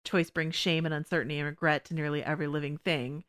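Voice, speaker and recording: A woman hosts a podcast in a loose, chatty way, talking fast and dropping "you know" everywhere. Her voice sits a little low but sounds bright and crisp. It is very clear. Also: flat delivery. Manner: quick, chatty, full of "you know" and laughs. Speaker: podcast host. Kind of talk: casual TV discussion chat.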